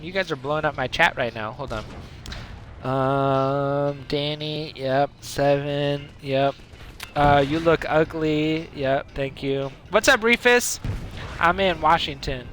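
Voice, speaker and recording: Bright-voiced man streaming a game. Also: on the high side, slight background noise. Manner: rambling, reads out and answers chat. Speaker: gaming livestreamer. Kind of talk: casual chat over gameplay.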